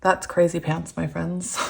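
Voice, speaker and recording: A young woman doing a tarot reading, giddy and giggly, breaking into excited squeals of laughter. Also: fairly low pitch, gravelly, noisy background. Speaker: tarot reader. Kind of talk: pick-a-card tarot reading.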